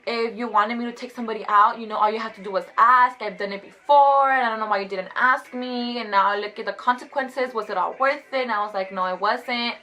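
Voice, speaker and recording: A woman in her twenties telling a casual storytime vlog, chatty and animated, saying "like" constantly. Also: on the high side, rough recording. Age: 20s. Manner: chatty, fast, heavy use of "like", animated retelling. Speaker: vlogger.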